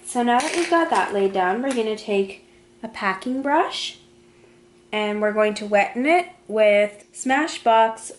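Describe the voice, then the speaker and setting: A woman's voice: mid-range voice, slight background noise. A woman casually talking through a makeup tutorial, describing each step as she applies it. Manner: chatty, talks through each step while applying makeup. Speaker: beauty vlogger. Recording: echoey room.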